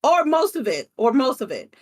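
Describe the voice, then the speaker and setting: Brief: young woman guest, lively storyteller, casual and candid. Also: high-pitched, moderate pace, slightly rough. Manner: animated storytelling, swears casually. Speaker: content creator guest. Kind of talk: casual interview chat.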